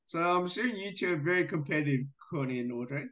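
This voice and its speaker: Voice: mid-range voice, expressive, fast talker, fairly bright tone. Friendly radio interviewer on a call. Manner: friendly, laughs between questions. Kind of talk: interview questions. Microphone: video call.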